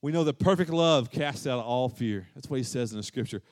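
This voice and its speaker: A man preaching a sermon as pastor, swinging from loud and emphatic to soft and hushed. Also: mid-range voice, fairly quick, in a large hall.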